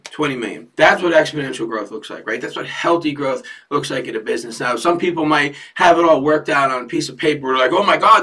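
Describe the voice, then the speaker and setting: A man with a bright, slightly high voice talks energetically about growing a business. He keeps checking in with his listeners after his points. He sounds set back from the mic. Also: far from the mic. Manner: energetic, repeats "right?" often. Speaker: fence company owner. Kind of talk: motivational business talk.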